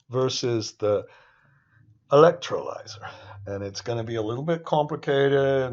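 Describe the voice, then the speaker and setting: Guy rambling thru a finance lecture, gets fired up, kinda muffled lo-fi sound. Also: medium pitch. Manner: rambling, excitable, self-interrupting. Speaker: finance instructor. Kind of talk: casual screen-share lecture.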